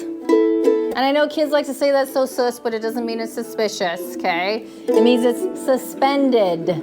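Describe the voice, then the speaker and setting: A woman with a Canadian accent teaching a group ukulele lesson, encouraging and checking in often with "okay". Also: high-pitched. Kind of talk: live group music lesson. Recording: loud ukulele playing behind. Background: ukulele strumming.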